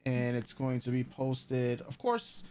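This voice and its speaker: A man's voice: mid-range voice, sing-song, takes it slowly, darkish tone, smooth. A man co-hosting a live anime commentary stream, rambling casually with lots of fillers and restarts.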